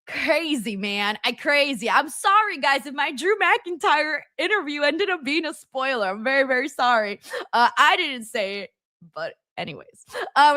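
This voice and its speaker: A woman with a high-pitched, pushed, bright voice hosts a live stream watchalong, recorded with clean studio sound and no echo. She reads viewer comments aloud, giggling often and cracking playful jokes.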